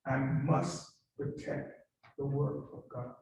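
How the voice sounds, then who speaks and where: In the church sanctuary, a man delivers a call-and-response sermon slowly, his mid-range voice gravelly and darkish as he coaxes the congregation to echo him. It's captured from far off in a very echoey hall.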